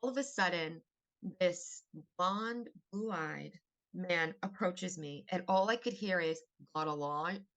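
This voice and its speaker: A woman comedian telling a story as a podcast guest, animated and theatrical. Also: on the low side, slow pace. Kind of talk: storytelling in casual chat.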